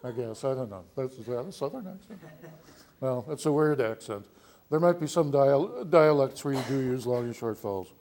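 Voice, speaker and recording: A man teaching a lesson, explaining patiently step by step and slowly sounding out words and vowels. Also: medium pitch, lively intonation, a little mellow. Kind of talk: spoken lesson.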